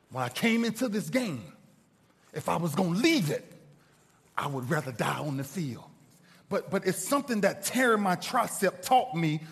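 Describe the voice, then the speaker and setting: A motivational speaker with a high-sitting voice tells a dramatic story to a live audience, swinging between loud bursts and hushed asides. The large hall gives his speech a long reverb.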